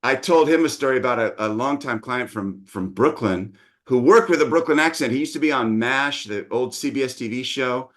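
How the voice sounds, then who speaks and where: A man's voice: mid-range voice, moderate pace, a bit bright. A middle-aged man, a dialect coach, patiently explaining his teaching methods in an interview.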